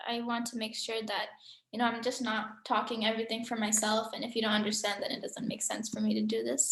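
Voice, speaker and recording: A woman's voice: on the high side, echoey room. A woman teaching a Quran recitation class over a video call, chatty and full of filler words. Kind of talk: casual online class teaching.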